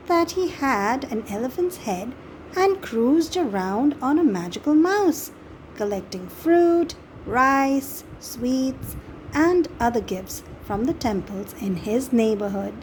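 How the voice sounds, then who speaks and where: A woman reading a picture book aloud to young children, gently expressive and pausing to ask the listener questions about the pictures. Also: a little high, slight background noise, rough recording. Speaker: storybook reader.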